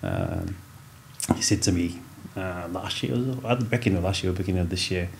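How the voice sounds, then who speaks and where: A man with a very deep voice, roughened by strong vocal fry. He tells long anecdotes to a host, slipping into the voices of the people in them, with a faint hiss of noise underneath. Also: huge pitch swings, fairly quick, darkish tone. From Samoan heritage. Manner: storytelling, acts out dialogue, laughs often. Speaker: guest, former rugby league player. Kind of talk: casual interview chat.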